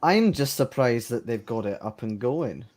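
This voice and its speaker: A man's voice: medium pitch, lively intonation, moderate pace, a little mellow. A man with a middle-range voice, playing a tabletop game with friends. He makes crude, dry jokes in a loose, conversational way. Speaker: player. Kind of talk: casual tabletop game chat.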